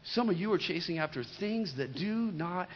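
A man's voice: high voice, expressive, normal speed, slight background noise. A middle-aged man preaching a sermon as pastor, emphatic and repeating key lines, with joking storytelling asides. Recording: dull lo-fi recording in a reverberant hall.

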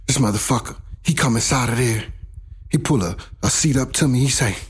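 A man's voice: medium pitch, a little fast, breathy edge. A middle-aged man from South Los Angeles telling his own life story in a blunt, profane, casual way.

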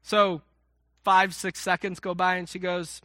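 Bright-voiced pastor preaching in a dry room. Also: male voice, sits high, level tone, measured pace, no echo. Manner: conversational preaching with self-mocking asides and acted-out quotes. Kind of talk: sermon.

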